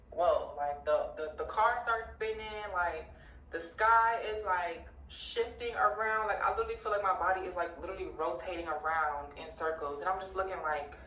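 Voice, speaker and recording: A woman's voice: medium pitch, fairly bright tone. Candid woman telling a storytime, roomy. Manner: candid, profane, heavy use of "like". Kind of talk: casual storytime vlog. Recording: roomy distant mic with faint ambient noise.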